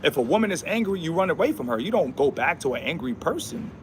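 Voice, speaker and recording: A man's voice: on the high side, very animated, quick pace, a little hiss or hum. A man hosting a casual livestream, talking in a preachy, repetitive way with slangy speech and Bible verses. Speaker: livestream host.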